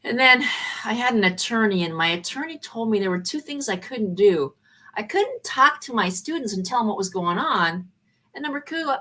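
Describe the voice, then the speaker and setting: A woman, a former college professor, telling a personal story in an animated way and acting out the dialogue. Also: high voice, husky.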